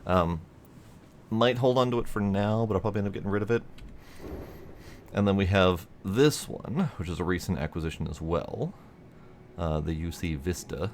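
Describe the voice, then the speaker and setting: Male let's-play host: low voice, loose and playful, thinks out loud. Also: lively intonation, moderate pace, long pauses, slight background noise. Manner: playful, rambling, thinks aloud with fillers. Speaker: gaming video host. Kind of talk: casual let's-play commentary.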